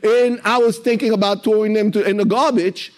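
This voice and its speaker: Man, high voice, emotional faith testimony, earnest storytelling, recorded in a warehouse. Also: steady tone, a little fast. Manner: emotional, earnest, repeats himself while retelling. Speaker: Christian literature publisher sharing a testimony. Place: in his warehouse.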